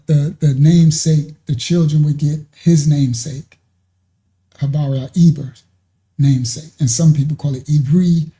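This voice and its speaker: A man's voice: a little high, warm tone. A man giving a rambling live-streamed religious teaching, often checking that listeners understand. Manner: rambling, keeps asking "you understand?".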